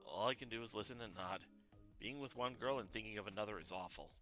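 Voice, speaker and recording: A man's voice: on the low side, fast, bright, forceful tone, faint music behind. A man streaming a game, reading its narration aloud in a plain, earnest voice.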